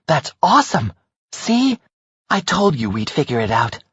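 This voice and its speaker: Upbeat young woman survivor, voiced by a male narrator, husky, lively delivery. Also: fairly high pitch, normal speed, no echo, muffled recording, voice pushed up. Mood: excited. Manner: excited, upbeat.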